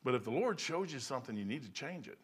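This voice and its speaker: An older man giving an informal sermon in a folksy, excitable way, breaking into loud outbursts. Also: mid-range voice, quick pace, breathy edge. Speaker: preacher.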